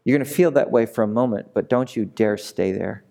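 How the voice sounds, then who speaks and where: A man's voice: fairly low pitch, fairly quick, creaky, hardly any pauses, mellow. A male pastor preaching a passionate sermon, repeating phrases and asking his listeners direct questions. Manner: passionate, repetitive, asks the audience direct questions.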